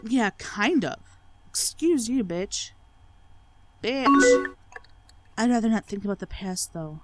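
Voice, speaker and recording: A woman hosting a let's play, giving sarcastic, profanity-laced commentary and mocking the game's dialogue. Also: medium pitch. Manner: sarcastic, swears freely, mocks the game's dialogue. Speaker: let's play channel host. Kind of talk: gaming commentary.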